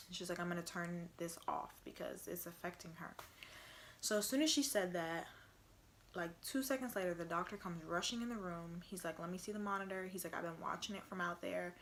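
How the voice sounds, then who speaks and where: A woman's voice: on the low side, fairly bright tone, a little hiss or hum. A young woman casually telling a personal story to camera, chatty and full of "like", acting out what others said. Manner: chatty, heavy use of "like", acts out quotes. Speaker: vlogger.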